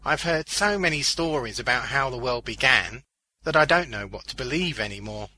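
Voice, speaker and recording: Man doing a wisecracking clown, lively voice, bright husky tone. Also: mid-range voice, rough recording. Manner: lively and quick with jokes. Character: restless, wisecracking adult male clown.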